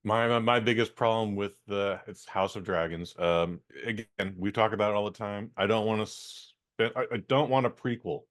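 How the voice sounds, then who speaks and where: A man's voice: lowish voice, fairly even intonation, moderate pace, hardly any pauses, fairly bright tone. A man from San Francisco co-hosting a casual podcast, rambling bluntly and swearing. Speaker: podcast co-host.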